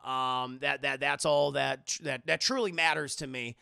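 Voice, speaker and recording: A man voicing a blunt, swearing teenage delinquent ghost from a cartoon, halting as he talks. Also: medium pitch, steady tone, vocal fry, bright, forceful tone, clear, resonant tone, no room sound, clean studio sound, pitched below the performer's own voice. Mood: earnest. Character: hot-headed teen boy delinquent ghost.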